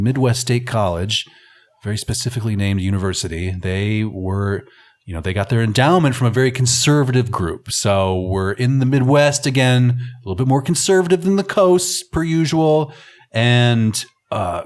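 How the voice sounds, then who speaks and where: A man's voice: on the low side, expressive, moderate pace. A man hosting a film podcast, giving casual, wry and rambling commentary. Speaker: podcast host.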